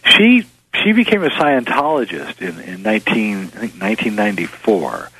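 A man's voice: lowish voice, big pitch swings, moderate pace, bright, forceful tone, slightly rough, no room sound, rough recording. A man being interviewed as a guest filmmaker, musing and hesitant, with many fillers. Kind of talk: interview conversation.

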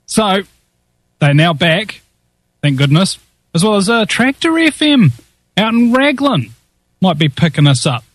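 A man's voice: high voice, very animated, measured pace, long pauses, no echo. A man with a New Zealand accent hosting an interview show, jokey and rambling. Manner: jokey, rambling, many uh fillers. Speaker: host.

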